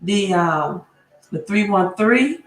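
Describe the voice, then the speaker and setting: A woman's voice: medium pitch, animated, slow. A woman hosting a live stream, greeting viewers one by one and often tagging her phrases with "right?". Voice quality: repeats place names, tags phrases with "right?". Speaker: livestream host. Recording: roomy echo.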